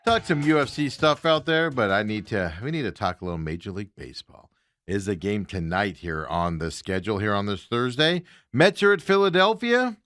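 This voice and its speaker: A man with a low voice that swings widely up and down as he talks. He hosts a casual sports show in a rambling way, with plenty of ums and uhs, and the sound is dry and close, with no room echo. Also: a bit bright. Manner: rambling, filler-heavy, chuckling asides. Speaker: sports talk show host.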